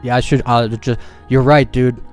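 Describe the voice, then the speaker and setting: A man's voice: mid-range voice, little pitch movement, moderate pace, a little mellow, faint music behind. A man streaming a game live, chatting casually and shrugging off criticism with a laugh. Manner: casual and dismissive, laughing things off.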